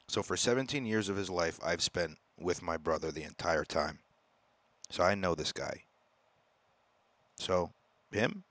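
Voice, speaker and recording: Deep-voiced, profane podcast ranter. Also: male voice, no echo. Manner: profane, blunt, swings between loud outbursts and low mutters. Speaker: podcast host. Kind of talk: casual ranting monologue.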